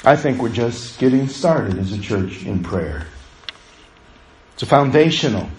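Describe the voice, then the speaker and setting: A man's voice: medium pitch, sing-song, unhurried, echoey room, a little hiss or hum, rough recording. A middle-aged man, a pastor, preaching a passionate sermon to his church that builds to urgent pleas.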